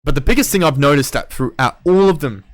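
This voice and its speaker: A man's voice: a little high, lively intonation, fast. A young man, a DJ and producer, chatting casually on a podcast with lots of ums and casual swearing. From Western Australia. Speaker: guest DJ and producer.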